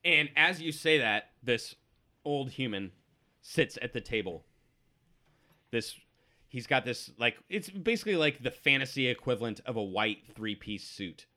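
A man runs a tabletop game and describes a busy tavern in a loose, casual way. His voice is bright and easy. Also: medium pitch, animated, measured pace. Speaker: game master.

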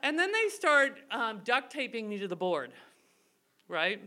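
On the high side and sing-song, this woman's sharp voice moves at a measured pace as she tells an audience a funny tale from her own life. Of Irish family background, she keeps it chatty and self-mocking, laughing throughout the live show.

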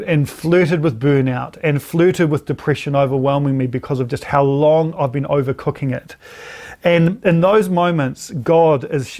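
Pastor, male, somewhat higher voice with a gravelly texture; earnest and reflective teaching delivery. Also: a little mellow. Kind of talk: teaching sermon.

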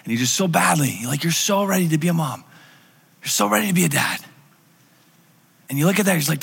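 Mężczyzna, pastor wygłaszający kazanie w żywym, gawędziarskim stylu, nagrany z długim pogłosem dużej sali. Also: male voice, fairly high pitch, quick pace, vocal fry, breathy edge, long reverb tail. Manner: lively conversational storytelling with acted-out quotes. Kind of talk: sermon.

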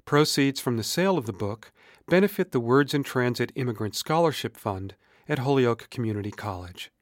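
A male podcast host reading a scripted outro in a measured announcer manner. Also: medium pitch, lively intonation, no echo, studio quality. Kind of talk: scripted radio narration.

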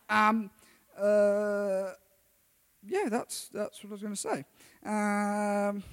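Man preaching in a reverberant hall. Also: high voice. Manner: casual, energetic, calls on listeners to respond. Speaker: youth pastor. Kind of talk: sermon.

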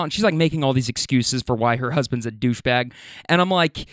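A man's voice: mid-range voice, brisk, no room sound, studio quality. A young man hosting a casual solo podcast, telling stories in a chatty way, often laughing and acting out what people said. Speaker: podcast host.

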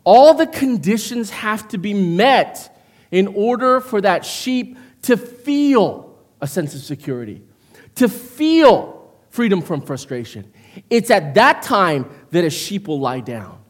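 Lively man in his fifties preaching. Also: high voice, takes it slowly. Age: 50s. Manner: animated, conversational preaching with frequent "right?" and "okay?". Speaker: pastor. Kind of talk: sermon. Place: church.

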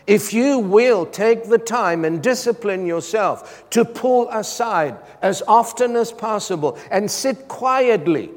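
A man preaching a sermon as a pastor, asking his congregation for responses between points. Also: sits high. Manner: preaching with call-and-response asides. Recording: long hall reverb.

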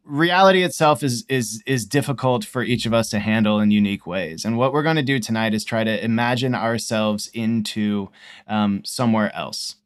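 A man's voice: fairly low pitch, moderate pace, smooth. A man hosting a podcast in casual chat, thoughtful and musing with some fillers. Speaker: podcast host.

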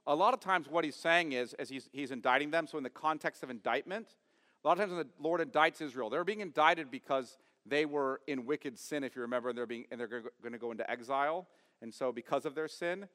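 A man preaching a sermon as pastor, emphatic, asking his congregation questions and swinging from loud stress to quiet asides. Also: mid-range voice, quick pace, long reverb tail. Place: church sanctuary.

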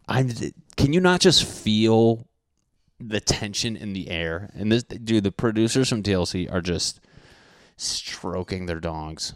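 A young man reacting to a dating show clip in crude, excitable commentary, often swearing and acting out what people are thinking. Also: fairly low pitch, slow pace, no echo, clean studio sound. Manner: excitable, swearing, mock-narrating others' thoughts.

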